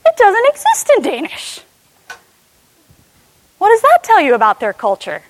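A woman giving an animated class talk to a live audience, often asking them questions. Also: very high voice, unhurried, a little hiss or hum. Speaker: speaker teaching cross-cultural ministry.

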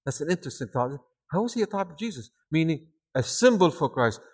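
A man with a foreign accent preaching a sermon, telling stories with energy and rising to shouts at the peaks. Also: on the high side, quick pace, husky. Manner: animated storytelling, shouting at peaks.

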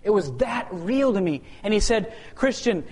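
Man, high voice, testimony storyteller; animated, plays out dialogue, swings from loud to hushed, stumbles into repeats. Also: moderate pace, slightly rough. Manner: repeats words when restarting. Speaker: speaker sharing a personal testimony.

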